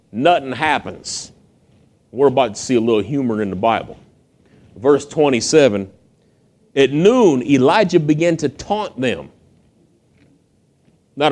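Lively man preaching a sermon. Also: on the high side. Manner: lively storytelling, acting out the scripture's voices. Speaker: pastor.

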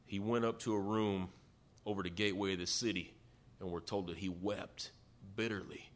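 A man's voice: sits low, steady tone, normal speed. A man preaching a sermon, retelling a story in a folksy way and acting out the quotes. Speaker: pastor.

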